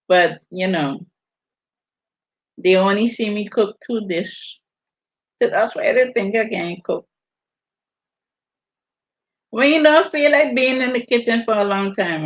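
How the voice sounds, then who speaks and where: Slow-talking Virgin Islands woman, chatty. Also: medium pitch, expressive. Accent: Virgin Islands Caribbean. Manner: chatty, teasing, laughs often. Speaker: vlogger hosting a live stream. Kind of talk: casual chat reading viewer comments. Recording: dull lo-fi audio.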